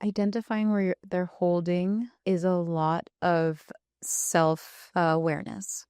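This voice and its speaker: A woman with a fairly low, smooth and clear voice, talking through her ideas in an earnest, explaining way, often reaching for "like" as she goes. She is a guest in a relaxed podcast conversation, on a dry, close recording. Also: unhurried, no echo. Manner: earnest, explanatory, heavy use of "like" fillers. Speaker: guest, spiritual coach and energy healer. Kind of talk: casual podcast interview.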